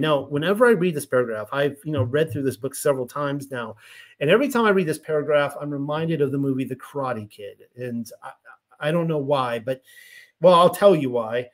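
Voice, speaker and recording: A man's voice: mid-range voice, animated, a little fast. A man reading passages of a spiritual text aloud and then explaining them in loose, chatty asides full of "you know" and "right?".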